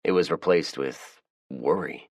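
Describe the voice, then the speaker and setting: A man with a very deep voice reads a first-person audiobook in a measured, even manner. The sound is dry and close, with no room echo. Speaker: audiobook narrator.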